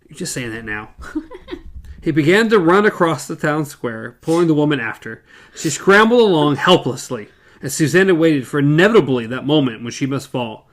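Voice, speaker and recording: A man's voice: fairly high pitch, moderate pace. A man co-hosting a podcast who reads a novel aloud and cracks wry jokes between passages. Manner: wry, joking, lively delivery. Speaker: podcast co-host. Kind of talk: casual book discussion and reading aloud.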